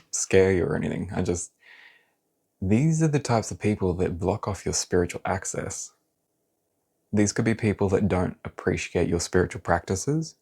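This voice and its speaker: A man doing a pick-a-card tarot reading, talking in a blunt, animated, casual way and swearing now and then. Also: deep voice, creaky, husky.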